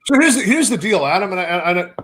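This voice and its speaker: Loud, swearing man in casual banter. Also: sits high, lively intonation, fast talker. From Canada. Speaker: podcast co-host. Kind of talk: casual profane chat.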